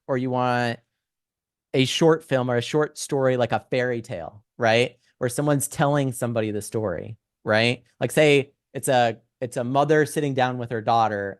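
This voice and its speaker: A man's voice: medium pitch, no room sound, clean studio sound. A young man casually talking through an AI audio tool in a screen-share lesson, chatty and full of "right?" asides. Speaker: instructor demonstrating AI tools.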